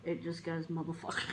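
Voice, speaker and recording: An Australian woman with a lowish voice chats casually and rambles from one story to the next. She is chatty, swears freely and sounds a touch flat. Her speaking voice sits on the low side, with faint background noise. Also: poor audio. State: feeling flat. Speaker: vlogger.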